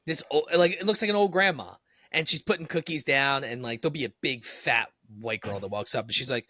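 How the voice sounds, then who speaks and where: High, bright, lively podcast man. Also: a little fast, no echo, studio quality. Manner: animated storyteller, swears, laughs often. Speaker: podcast co-host. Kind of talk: casual chat.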